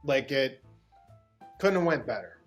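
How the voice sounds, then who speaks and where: A man's voice: medium pitch, sing-song, unhurried, faint music behind. A man from Pittsburgh, a guest actor, tells a long anecdote in an interview, rambling with restarts and bursts of laughter. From Pittsburgh, USA.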